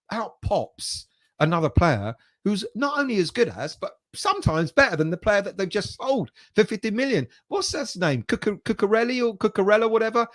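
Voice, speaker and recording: A man's voice: high voice, fairly bright tone. A man hosting a fan livestream, reading viewer comments aloud and chatting casually, with the odd bit of swearing. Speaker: fan channel host reading live chat.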